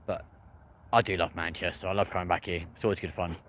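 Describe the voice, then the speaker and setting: A man's voice: low-pitched, fairly even intonation, fast talker, fairly bright tone, slight background noise. Chatty Englishman streaming live beside an airport. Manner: chatty, upbeat, addresses viewers as friends and folks. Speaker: live-stream plane spotter. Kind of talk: live commentary to viewers. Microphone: phone.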